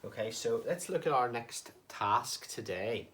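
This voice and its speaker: A man's voice: mid-range voice, expressive, measured pace, fairly bright tone. A man teaching a recorded online lesson to young children, patient and sing-song, with questions that rise at the end. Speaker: primary school teacher.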